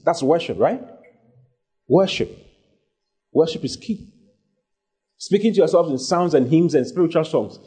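A man's voice: medium pitch, a little fast, pauses often, warm tone, slightly rough. A male preacher delivering a sermon, emphatic and repetitive, reading scripture aloud and urging his listeners on. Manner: emphatic, repeats phrases, reads scripture aloud.

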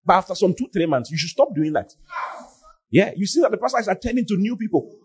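Man, pastor, sermon, husky voice, mimics congregants. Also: high-pitched, fast. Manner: animated preaching, mimicking congregants.

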